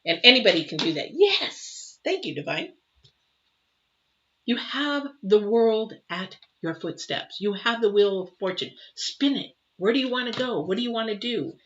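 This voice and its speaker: A middle-aged woman giving a live intuitive tarot reading, emotional and exclamatory, moving between loud bursts and soft murmurs. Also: medium pitch, lively intonation, moderate pace. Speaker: tarot reader. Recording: slightly dull, faint noise.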